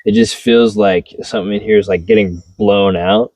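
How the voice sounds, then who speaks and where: A man's voice: on the low side, fairly even intonation, normal speed, darkish tone, no echo. A young man co-hosting a casual chat, laid-back and casually swearing, with plenty of dude and bro. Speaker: podcast co-host.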